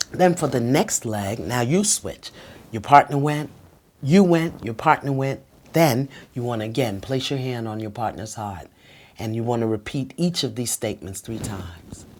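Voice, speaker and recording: Middle-aged female advice host, very deep voice, emphatic and preachy, dips to a hush. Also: expressive, moderate pace. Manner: emphatic and preachy, drops to a soft whisper when speaking the phrases. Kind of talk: talking straight to the viewer with tips.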